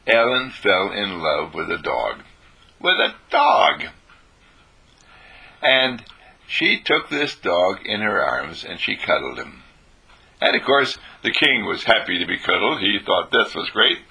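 A man giving an informal spiritual talk, telling stories and repeating phrases for emphasis, clearing his throat now and then. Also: deep voice, sing-song, a little slow, sharp tone.

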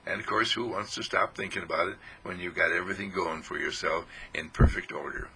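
A man's voice: low voice, steady tone, a little fast, gravelly, bright, forceful tone, breathy edge, rough recording. A man giving an inspirational spiritual talk, speaking in repetitive, soothing affirmations. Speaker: spiritual teacher.

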